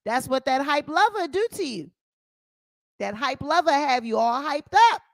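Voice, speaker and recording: A woman's voice: high voice, expressive, normal speed, no echo. A woman hosting her own channel, giving sassy, opinionated celebrity gossip commentary and calling her viewers honey.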